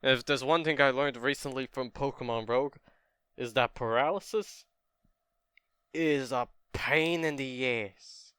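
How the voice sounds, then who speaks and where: A man's voice: mid-range voice, a little slow, fairly bright tone, clear, resonant tone, no room sound, studio quality. A young man casually retelling a fan story, laid-back and chatty.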